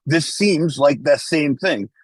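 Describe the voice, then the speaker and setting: A man on a voice call presses his accusations in a raised, higher-than-usual voice, blunt and foul-mouthed. The sound is very dry and close, with no room around it. He pushes hard and does not let up. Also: expressive, slow pace, dry recording. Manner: blunt, accusing, swears freely. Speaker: caller confronting the hosts. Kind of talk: heated group voice call. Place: online voice call.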